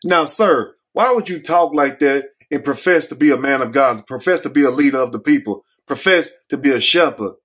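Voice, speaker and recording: A man's voice: mid-range voice, a little fast, hardly any pauses, fairly bright tone, breathy edge. Folksy scolding man hosting a commentary show. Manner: folksy, scolding, preachy, repetitive. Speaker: host. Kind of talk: commentary vlog.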